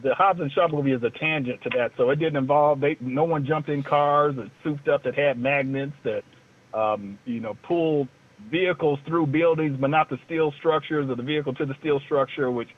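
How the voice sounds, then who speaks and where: Heard through a tinny phone connection, a male co-host chats casually on a talk show. He speaks at an ordinary pace in a somewhat high voice, wandering from point to point with a jokey looseness.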